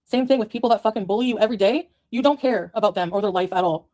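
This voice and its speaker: A woman's voice: medium pitch, very fast, dark tone. A woman in a played clip delivering an angry, profane rant to the camera, scornful and cursing at her critics.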